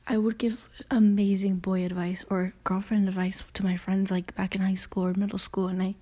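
Breathy, rambling teenage girl podcaster. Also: medium pitch, little pitch movement, normal speed, warm tone. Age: late teens. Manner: rambling, self-conscious, swears often; frequent "you know" and "I don't know". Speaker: podcast host. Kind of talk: casual solo podcast talk.

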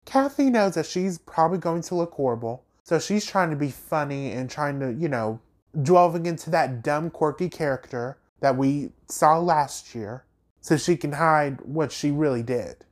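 A man hosts a reality TV recap podcast and talks through the drama in a casual rant. He is animated and emphatic, and he throws in sassy asides and pointed questions. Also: a little high, normal speed. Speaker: podcast host.

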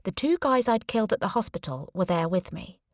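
A woman's voice: medium pitch, lively intonation, brisk, no room sound. A young adult woman narrating a thriller audiobook in the first person, with a dry, wry manner.

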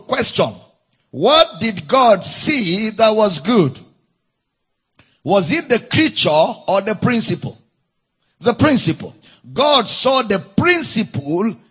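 Slow, emphatic preacher with a singsong lilt. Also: male voice, high-pitched, pushed and bright, breathy edge. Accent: Nigerian English. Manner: slow, emphatic, repeats key phrases, sing-song reading of scripture. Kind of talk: sermon, Bible teaching.

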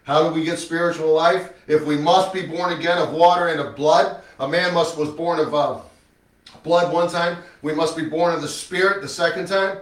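A man preaching a sermon and reading scripture, with emphatic rhetorical questions, swinging between loud and hushed. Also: fairly high pitch, steady tone, moderate pace. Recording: echoey room, mic at a distance.

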